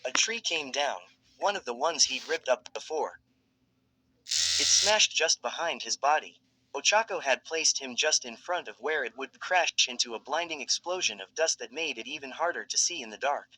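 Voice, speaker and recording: A man narrating a fan fiction story in a steady, dramatic storytelling manner. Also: mid-range voice, normal speed, low-quality recording.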